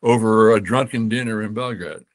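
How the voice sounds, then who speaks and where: An older man from the United States tells a long story as a podcast guest. He backtracks and restarts often and gets lively whenever he quotes someone. The sound is close and dry, with no room around him. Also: lowish voice, normal speed, dry recording. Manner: rambling, many restarts, animated when quoting others. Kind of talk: storytelling interview.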